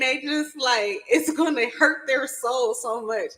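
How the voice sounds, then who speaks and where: Giggly, blunt, slightly high-voiced woman. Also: measured pace, few pauses, fairly bright tone, rough recording. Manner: giggly, keeps breaking into laughter; blunt and profane. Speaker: spiritual reader. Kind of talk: casual tarot reading chat.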